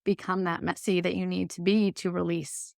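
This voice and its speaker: A woman guest on a podcast, explaining her ideas earnestly and encouragingly. Her voice is smooth and clear at a middle pitch. It is recorded dry and close. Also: level tone, normal speed, no echo. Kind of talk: casual conversation.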